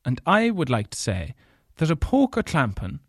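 A man's voice: fairly high pitch, huge pitch swings, normal speed, husky, dry recording, clean studio sound. A man with an Irish accent hosting a podcast, telling an angry, profane story on his own. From Ireland. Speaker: podcast host. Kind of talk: solo storytelling rant.

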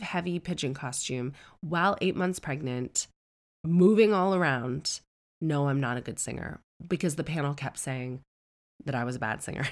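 Woman, 30s, low voice, chatty monologue, self-deprecating, comic asides. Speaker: celebrity storyteller.

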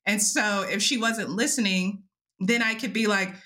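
A woman podcast host casually telling a story, animated and laughing often, acting out what people said, with loose swearing and fillers. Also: mid-range voice, moderate pace, heavy background noise. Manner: animated, laughing, acts out quotes.

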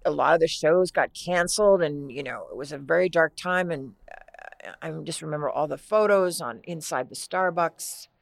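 A middle-aged actress, a guest, telling a long story in a casual interview, rambling and halting with many restarts. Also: female voice, sits low, vocal fry.

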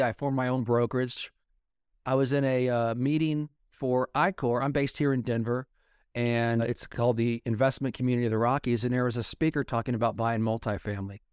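A man's voice: medium pitch, clean tone, no room sound, studio quality. A middle-aged man telling his story in a casual podcast interview, blunt and emphatic. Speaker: guest. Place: Denver.

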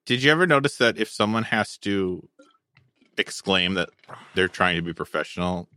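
A man's voice: deep voice, expressive, normal speed, bright, forceful tone, no room sound. A man co-hosting a podcast, chatting casually with dry, sarcastic humor. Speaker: podcast co-host. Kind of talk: casual chat.

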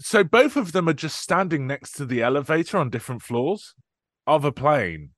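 A man's voice: fairly high pitch, very animated, moderate pace, a bit bright, no room sound, studio quality. A man co-hosting a casual film podcast, chatty and swearing, acting out lines from the movie as he recaps it. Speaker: podcast co-host.

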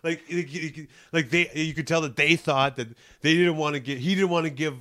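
A man's voice: fairly high pitch, normal speed. A male comedian tells an anecdote in an easygoing, loose way. He laughs a lot, trips over his words and piles on fillers, and he slips into other people's voices for the quotes. The recording is close and dry, with no room echo. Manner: animated, laughs often while telling an anecdote; rambling with many restarts and "like" fillers. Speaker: stand-up comedian. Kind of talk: casual storytelling chat.

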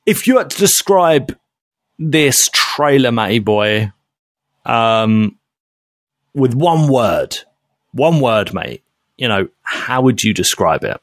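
A man co-hosting a podcast in casual chat, animated and laughing often. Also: medium pitch, takes it slowly, long pauses, no echo, clean studio sound. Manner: animated, laughs often, drifts into silly voices. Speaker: podcast co-host.

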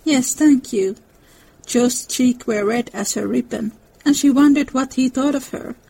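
A woman giving an expressive dramatic reading of a classic novel, narrating and voicing the characters. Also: on the high side, normal speed, gravelly, slightly rough, poor audio. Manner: expressive storytelling.

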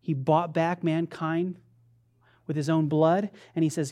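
A woman preacher giving a sermon in a conversational, playful, animated storytelling manner. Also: low voice, measured pace.

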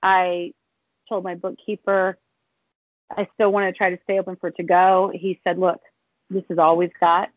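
A middle-aged woman, a restaurant and bar owner, speaking haltingly and close to tears, restarting her sentences often. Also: fairly low pitch, flat delivery, no room sound. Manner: tearful, halting, many restarts. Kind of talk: emotional interview over the phone. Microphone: phone. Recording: tinny dry phone line.

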